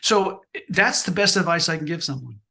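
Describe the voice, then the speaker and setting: A man's voice: a little high, expressive, normal speed, vocal fry, bright, forceful tone. A man in his sixties, a photographer answering interview questions with emphatic motivational advice, often repeating and restarting his phrases.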